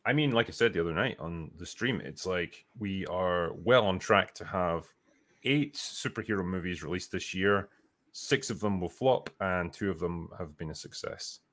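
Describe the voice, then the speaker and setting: A man's voice: sits low, moderate pace, fairly bright tone. A man co-hosting a livestream, chatting casually with lots of fillers and reading out viewer comments. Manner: rambling, filler-heavy, swears casually. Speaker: livestream co-host reading chat. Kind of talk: casual chat.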